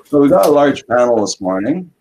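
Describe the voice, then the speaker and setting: A man's voice: mid-range voice, sing-song, a little fast, a little mellow, slight background noise. A man hosting a video call-in chat show, upbeat as he welcomes viewers by name. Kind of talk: casual chat.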